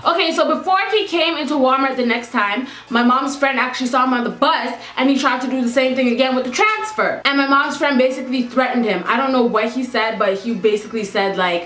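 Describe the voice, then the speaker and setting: A young woman telling a vlog story in an animated, emphatic way, repeating lines for effect. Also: sits high, brisk, few pauses. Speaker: vlogger. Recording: echoey room with faint music.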